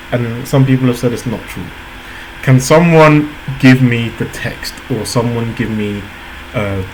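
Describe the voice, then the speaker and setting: Excitable man reacting with laughter. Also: mid-range voice, slight background noise, low-quality recording. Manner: excitable, laughs a lot, repeats himself. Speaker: reaction video host. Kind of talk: casual reaction commentary.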